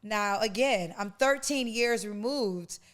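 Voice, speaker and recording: A woman's voice: mid-range voice, slow, a bit bright. A woman in her forties, a podcast host, giving an emotional, preacher-like personal testimony and calling the listener honey and baby. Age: 40s.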